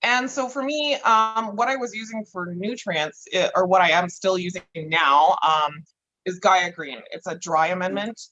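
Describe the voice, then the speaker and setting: A woman's voice: fairly low pitch, moderate pace, sharp tone, dull audio. A woman chatting casually as a podcast guest, laughing often and swearing freely. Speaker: guest grower.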